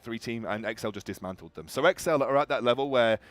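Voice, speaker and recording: A British man commentating on an esports match at a rapid clip, his voice close and dry with no room sound at all. He talks through team fights and drafts in quick, animated bursts, often restarting his sentences. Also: mid-range voice, dry recording. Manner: fast, animated analysis with frequent restarts. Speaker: esports caster.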